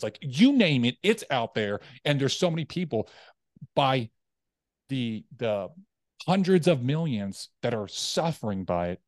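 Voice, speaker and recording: A man, a coach, talking as a podcast guest in a casual interview, telling animated stories and acting out the voices in his head. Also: medium pitch, dry recording, studio quality. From United States. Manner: animated storytelling, acts out inner voices.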